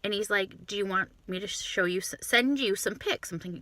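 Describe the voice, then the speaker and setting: A woman telling a dating story in a casual, animated way, swearing often, recorded inside a car on a phone. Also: medium pitch, slight background noise. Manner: animated, profane, quick asides.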